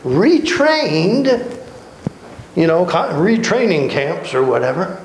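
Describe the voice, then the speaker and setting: A man leads a church Bible study, telling the story in a folksy, animated way with playful asides. His voice sits a bit high and he takes his time. The hall echoes, and noise carries underneath. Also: takes it slowly. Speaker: Bible teacher.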